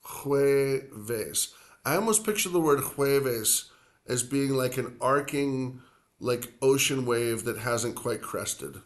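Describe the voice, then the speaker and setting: A male Spanish teacher who grew up near the Atlantic coast gives a language lesson in a medium-pitched voice. He explains slowly and rambles, leaning on fillers, and draws out each Spanish word he drills, repeating it.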